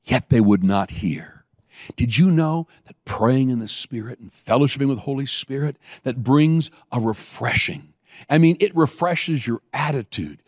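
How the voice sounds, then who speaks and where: A man preaching a sermon, telling a story with animated bursts and slowing right down on key phrases. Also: no echo, studio quality. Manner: animated storytelling, acts out scenes with sudden high bursts.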